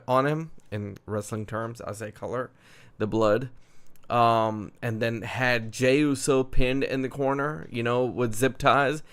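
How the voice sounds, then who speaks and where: A man hosting a casual wrestling chat over an online call, excitable and loose, dropping "dude" and "man" as he talks. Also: medium pitch, clear, resonant tone. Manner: excitable, laughs often, fillers like "dude" and "man". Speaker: podcast host.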